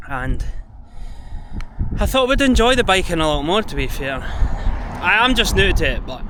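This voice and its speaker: A Scottish man filming a casual cycling vlog on a cold road. He is out of breath and puffing, chatty and swearing freely. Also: a little high. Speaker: fitness vlogger. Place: outdoors on a country road, cold and windy. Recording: heavy wind noise on the mic. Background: loud wind.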